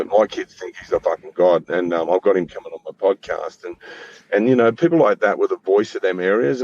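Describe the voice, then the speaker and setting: A man's voice: deep voice, gravelly, a little mellow. A middle-aged Australian man talking as a podcast guest in casual chat, rambling, swearing freely and restarting his sentences. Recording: slightly dull lo-fi audio with faint noise.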